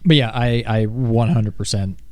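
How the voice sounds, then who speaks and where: A man's voice: mid-range voice, normal speed, no room sound. Casual male podcast co-host. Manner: animated, laughs while acting out moments. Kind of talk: casual chat.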